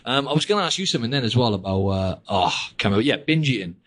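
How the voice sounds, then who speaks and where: A man's voice: mid-range voice, expressive, rapid-fire, fairly bright tone. A young man hosting a podcast, rambling casually and saying "mate" and "like" a lot. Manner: rambling, peppers speech with "mate" and "like". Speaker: podcast host. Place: living in Australia.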